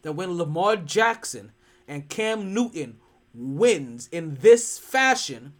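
A sports podcast host ranting in casual commentary, profane and animated, jumping from loud outbursts to hushed asides. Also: medium pitch, slow pace.

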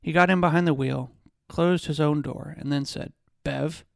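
A man, a podcast host, reading a novel excerpt aloud at a measured pace, with occasional restarts. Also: a little high, fairly even intonation, creaky, no room sound, clean studio sound.

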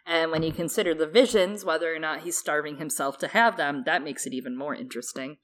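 A woman co-hosting a podcast, summarizing a book chapter and reading passages aloud in a relaxed way. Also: deep voice, fast talker. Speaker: podcast co-host.

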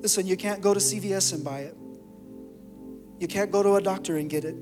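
Male pastor, high voice, impassioned sermon, loud then hushed, long hall reverb, music underneath. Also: brisk. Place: church sanctuary.

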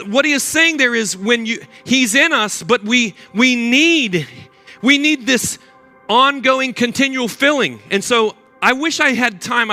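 Animated older man preaching. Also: high voice. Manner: animated storyteller, acts out voices. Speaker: pastor. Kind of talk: sermon.

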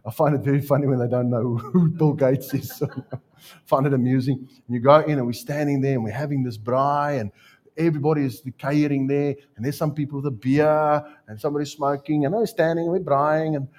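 A man with a South African accent preaching a sermon, telling stories with jokes and lively asides. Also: medium pitch, brisk. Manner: storytelling, joking, animated asides. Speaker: pastor.

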